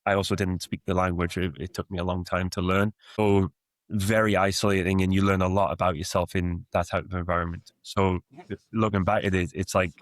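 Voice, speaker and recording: Deep flat-voiced man, softened Geordie accent. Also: fairly quick, no echo. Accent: Geordie, softened by years in the US. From Newcastle, England. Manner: reflective, rambling with many fillers. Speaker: guest, football coach. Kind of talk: casual podcast interview.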